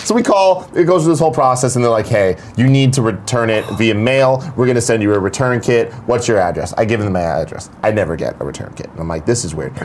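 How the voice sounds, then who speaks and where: A man's voice: fairly low pitch, fast, hardly any pauses, a little mellow, a little hiss or hum. A young adult man co-hosting a casual morning show, telling a story and acting out the quoted lines in different voices. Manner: acts out quoted dialogue in shifting voices. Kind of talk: casual chat, animated storytelling.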